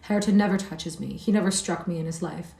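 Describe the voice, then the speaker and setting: Woman doing a peevish sickly boy, whiny and mellow-toned, echoey room. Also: on the low side, quick pace, gravelly, distant mic. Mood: whining. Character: sickly petulant whining young boy.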